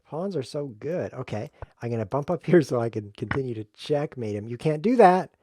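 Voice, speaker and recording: A man streaming a chess game, talking to himself in a jokey, excitable way as he plays. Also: mid-range voice, fairly quick, slightly rough, no room sound, studio quality. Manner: jokey, excitable self-talk while playing. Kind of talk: live game commentary.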